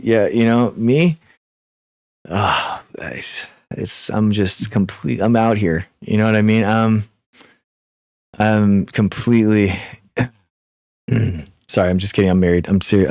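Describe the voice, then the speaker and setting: A young man hosting a live stream, answering chat questions in a rapid, repetitive, exasperated way with many restarts. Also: fairly low pitch, a little mellow, no room sound, clean studio sound. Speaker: livestream host. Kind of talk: live Q and A chat reading viewer comments.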